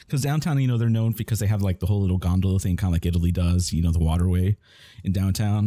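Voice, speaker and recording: A man's voice: sits low, fast talker, mellow, dry recording. A man telling a rambling, profane story in casual chat while gaming, with many restarts. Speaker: gamer chatting on stream.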